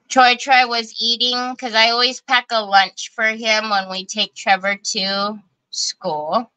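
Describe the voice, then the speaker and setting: A woman chats her way through a craft livestream, folksy and full of little exclamations aimed at her viewers. Her voice sits a touch high and has a bright, forward ring. She takes her time and never rushes a sentence. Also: rough recording. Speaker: craft show host. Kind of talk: casual livestream craft chat.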